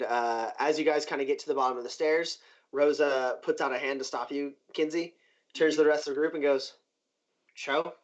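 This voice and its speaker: A man narrating a tabletop game as game master, chatty and loose with lots of fillers. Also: on the high side. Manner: loose and chatty, many fillers, voices the NPCs in passing. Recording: dull lo-fi stream audio.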